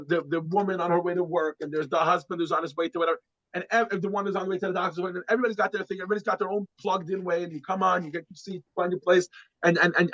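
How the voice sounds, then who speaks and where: Male teacher with a high voice, lecturing and telling a story with many restarts; dry, muffled sound. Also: no echo. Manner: repeats words and restarts often, animated when quoting. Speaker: class teacher.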